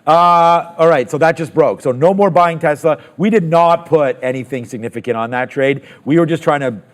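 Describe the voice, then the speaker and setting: A man on a live trading stream, commenting on the markets as prices move. He talks in a fairly high voice and thinks out loud, with lots of fillers and sudden excited asides. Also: moderate pace. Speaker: trading show host.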